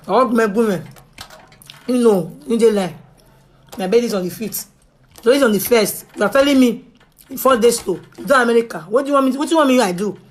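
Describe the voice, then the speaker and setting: A young woman with a Nigerian Pidgin English accent, chatting straight to her viewers in a pleading, animated way that drops to a hush and rises loud. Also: fairly high pitch. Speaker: vlogger. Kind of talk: casual direct-to-camera talk.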